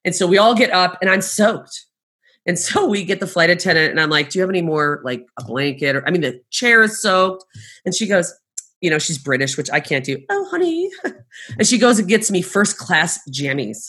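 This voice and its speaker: A middle-aged woman, a travel agent, telling stories in casual conversation, animated and laughing often as she acts out what people said. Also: on the low side, a little fast, husky.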